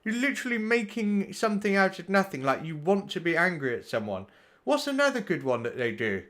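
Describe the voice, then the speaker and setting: Very animated and brisk, this sim racing streamer swears freely and speaks bluntly while commenting live on race replays and talking with viewers. His voice sits high and sounds fairly bright.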